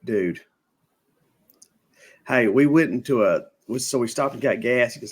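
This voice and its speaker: Regular guy podcast host, average pitch, rambling story, does little voices of folks he quotes. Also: measured pace, pauses often, husky. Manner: animated anecdote teller, mimics people he quotes. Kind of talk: casual storytelling chat.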